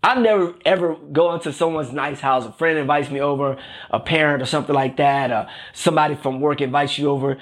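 A man's voice: fairly high pitch, fairly quick. A man preaching a conversational sermon, often repeating himself and checking in with "right?". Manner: repeats phrases and keeps asking "right?".

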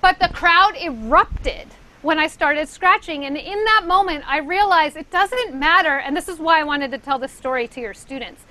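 Woman DJ guest, panel chat, high and bright, earnest storyteller. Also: animated, normal speed, few pauses, poor audio. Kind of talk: casual panel discussion.

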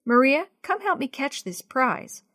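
A woman's voice: high-pitched, very animated, a little slow, pushed and bright, dry recording, studio quality, voice pushed up, exaggerated voice. Woman voicing a friendly explaining teacher. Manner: clear, explaining, instructive.

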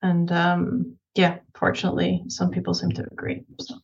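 A Scottish woman, a film director, answering interview questions thoughtfully with many pauses and restarts. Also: lowish voice, level tone, gravelly, dull audio.

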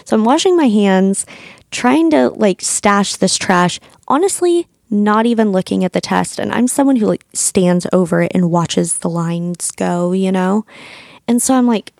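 Woman in her 30s, podcast host, storytelling; gravelly edge, dry close mic. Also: medium pitch, unhurried, no room sound. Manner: chatty, filler-heavy, animated retelling. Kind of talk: personal storytelling.

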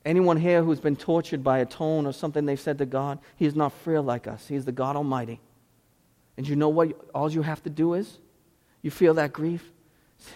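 A pastor preaching a sermon with passion, moving between pleading cries and hushed intensity. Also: male voice, fairly high pitch, steady tone, a little fast. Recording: long hall reverb.

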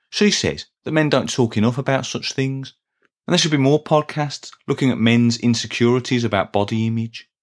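A middle-aged man talks in an earnest, deadpan way. His pitch sits in an ordinary middle range. He plods through a scripted comic monologue at a steady pace. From Birmingham, England. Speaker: podcast host.

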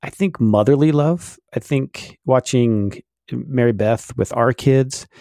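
A man's voice: medium pitch, slow, vocal fry, warm tone, dry recording, clean studio sound. A middle-aged man co-hosting a casual faith podcast, explaining at length with many fillers. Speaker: podcast co-host.

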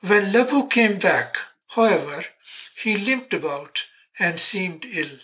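A narrator reading a literary story aloud in the first person, measured and reflective. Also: medium pitch, lively intonation, sharp tone, low-quality recording.

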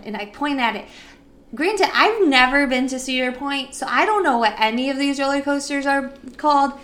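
A young woman co-hosting a casual chat, telling a story with lively re-enacted quotes. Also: high-pitched, brisk. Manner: animated storyteller, acts out her own panicked quotes. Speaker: podcast co-host.

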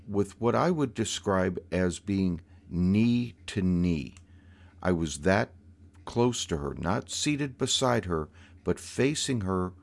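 A man telling a personal story in a measured, unhurried way, with pauses and small restarts. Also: lowish voice, gravelly, a little mellow.

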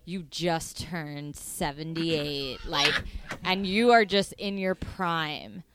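A woman in a casual podcast chat delivering deadpan, raunchy one-liners. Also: low voice, slow, noisy background.

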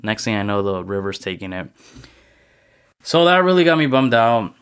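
A man's voice: on the low side, big pitch swings, normal speed, a bit bright, clear, resonant tone. A young man hosting his own casual podcast, a little out of breath, telling a story in a rambling way with frequent restarts. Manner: rambling and self-correcting storytelling. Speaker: podcast host. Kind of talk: casual solo motivational podcast talk.

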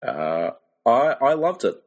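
A man in a casual podcast chat, speaking in a relaxed, hesitant way with fillers. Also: mid-range voice, slow.

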